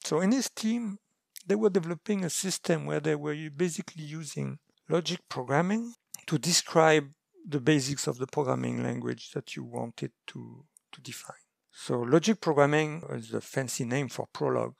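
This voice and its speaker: A man's voice: a little high, moderate pace, vocal fry, no room sound, clean studio sound. A middle-aged man from France, guest on a remote interview, talking hesitantly with many fillers and restarts. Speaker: guest researcher. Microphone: remote call mic.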